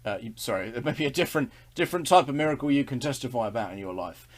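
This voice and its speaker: A man's voice: medium pitch, lively intonation, rapid-fire. A man leading a casual online Bible study, earnest and enthusiastic, chuckling and restarting as he talks.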